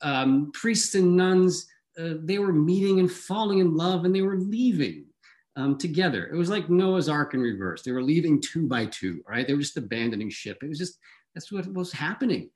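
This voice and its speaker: Candid former-nun mom, brisk and explanatory, as a storyteller puts her on. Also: a little high, animated, a little mellow, close to an everyday voice. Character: frank mother, former nun.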